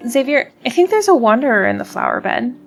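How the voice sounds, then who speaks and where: A woman's voice: a little high, big pitch swings, fairly quick, gravelly, soft background music. A woman reading a playful young heroine's lines aloud from a game in her own voice. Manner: read aloud from the screen.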